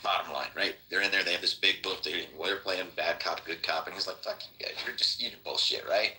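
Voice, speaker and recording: A man with a very low voice tells a long rambling story on a casual podcast. He acts out the quoted lines and swears freely, and his tone is bright and sharp. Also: steady tone, a little fast, poor audio. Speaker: podcast host.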